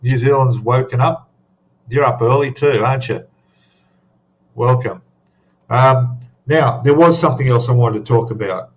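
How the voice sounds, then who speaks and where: A man's voice: mid-range voice, moderate pace, pauses often, highs cut off. Chatty man hosting a stream. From Australia. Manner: chatty, rambling, greets chat viewers by name. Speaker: livestream host. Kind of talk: casual live-stream chat.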